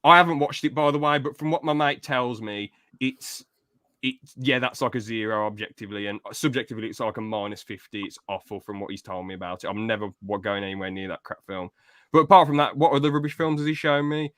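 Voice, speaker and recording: A man's voice: mid-range voice, quick pace, fairly bright tone. A man talks loosely on a podcast, rambling from one opinion to the next with casual swearing. His voice sits in an ordinary middle register. The sound is dry and close, with no room echo. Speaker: podcast co-host.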